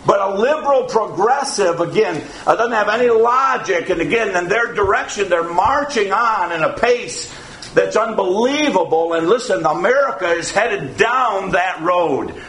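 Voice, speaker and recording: A man's voice: high-pitched, expressive, moderate pace, a bit bright. A man preaching a sermon as pastor, folksy and digressive, full of asides, who keeps repeating "again" and "uh". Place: church sanctuary. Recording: echoey church hall, faint room noise.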